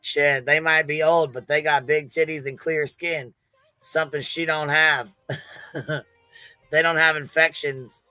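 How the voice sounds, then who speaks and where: A man on a livestream panel giving crude, profane commentary, laughing and acting loudly disgusted. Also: on the high side, steady tone, unhurried, clear, resonant tone, no echo, faint music behind.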